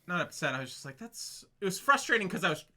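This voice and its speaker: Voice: medium pitch, big pitch swings, fast, noisy background. A co-host in a casual film chat, giggling often and talking in a sheepish, self-deprecating way.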